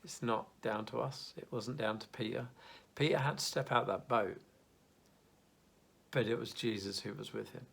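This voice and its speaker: Young man, church youth leader, casual video devotional, gravelly tone, earnest and reassuring. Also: mid-range voice, steady tone, normal speed, pauses often, fairly bright tone.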